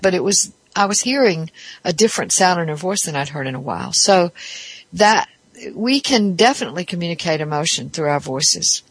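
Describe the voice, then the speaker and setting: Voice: mid-range voice, no echo. A therapist giving a reflective podcast talk, explaining ideas step by step in a thoughtful way.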